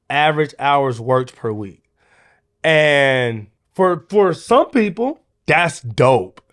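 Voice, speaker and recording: A man in his thirties from the United States hosting a motivational podcast, talking in an animated, conversational way with casual slang. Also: medium pitch, smooth. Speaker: podcast host.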